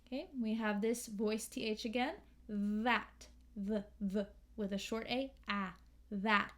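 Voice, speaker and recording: An American woman teaching English pronunciation, slowly and carefully modeling sounds and words. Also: medium pitch, steady tone. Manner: slow, careful, models sounds and sings lines. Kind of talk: pronunciation lesson with sung examples.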